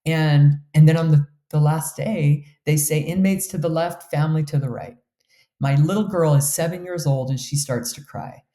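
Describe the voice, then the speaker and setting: A woman's voice: low-pitched, normal speed, warm tone, echoey room. A middle-aged woman telling her life story as an interview guest, earnest and heartfelt, with many fillers. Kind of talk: emotional personal storytelling.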